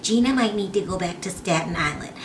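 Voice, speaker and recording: A woman's voice: fairly low pitch, brisk. A woman vlogger giving casual gossip commentary to camera in a chatty, opinionated way. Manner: chatty, opinionated, animated asides. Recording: echoey room with faint ambient noise.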